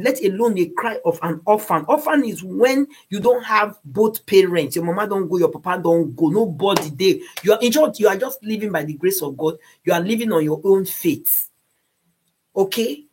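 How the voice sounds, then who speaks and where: A woman's voice: mid-range voice, expressive, normal speed, a little mellow, breathy edge. A woman with a Nigerian accent giving earnest moral advice, slipping into Pidgin phrases and repeating words as she searches for them.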